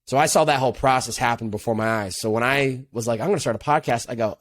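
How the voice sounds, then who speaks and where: A man's voice: mid-range voice, fast, no room sound. A young adult man, a podcast guest, telling his story in an earnest, reflective way with casual slang. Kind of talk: casual interview conversation.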